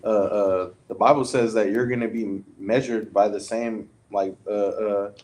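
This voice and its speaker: A man's voice: fairly low pitch, fairly even intonation, a little slow, a little mellow. A male podcast co-host who agrees with his partner, then preaches on scripture in a casual way. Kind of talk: casual religious talk.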